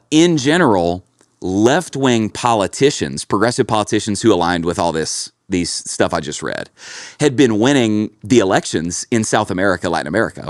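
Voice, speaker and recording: A man's voice: fairly low pitch, dry recording, clean studio sound. A man hosting a casual podcast, telling stories with lots of energy and calling his co-host bro and dude. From Kentucky.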